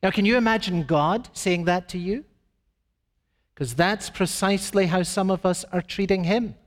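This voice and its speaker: A man preaching a sermon emphatically, with dramatic shifts in pace and pitch. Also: moderate pace. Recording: long reverb of a large hall.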